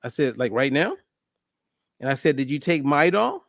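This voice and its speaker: A man's voice: mid-range voice, moderate pace, creaky, no echo, studio quality. A middle-aged man hosting a casual monologue, telling a story and acting out the dialogue. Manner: animated storyteller, acts out dialogue. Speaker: host.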